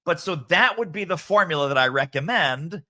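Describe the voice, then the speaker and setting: A man's voice: on the high side, lively intonation, moderate pace, sharp tone. A man as a podcast guest author, speaking emphatically and rattling off lists of points. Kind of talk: podcast interview.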